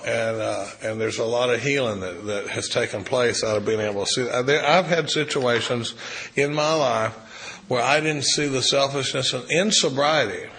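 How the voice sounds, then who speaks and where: A middle-aged man speaks at a recovery retreat with a bright, forceful voice at an ordinary pitch. He is an animated storyteller who acts out conversations and often restarts his sentences. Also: rough recording. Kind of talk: recovery meeting talk, storytelling. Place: retreat meeting room.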